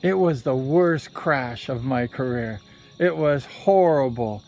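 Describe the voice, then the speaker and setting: A man's voice: mid-range voice, slow, over music. A man and former motorcycle racer telling a story in a rambling, conversational way, sometimes correcting himself. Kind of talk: casual storytelling vlog.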